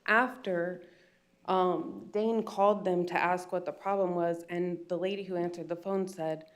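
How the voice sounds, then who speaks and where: A woman's voice: fairly low pitch, fairly even intonation, a little slow. A woman with an American accent, a business owner making an upset, emotional public comment at a county meeting. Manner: upset, pleading, retells phone calls.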